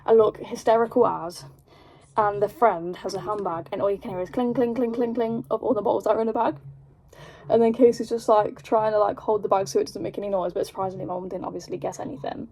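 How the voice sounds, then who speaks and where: A young British woman telling a story in a casual vlog, rambling and animated, with lots of fillers. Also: mid-range voice, fast. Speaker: vlogger.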